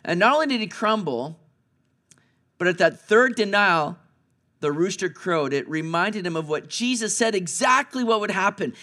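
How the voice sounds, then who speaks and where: High-voiced male pastor, Easter sermon, dynamic hushed-to-loud delivery. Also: expressive, moderate pace. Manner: dramatic swings between hushed and raised voice.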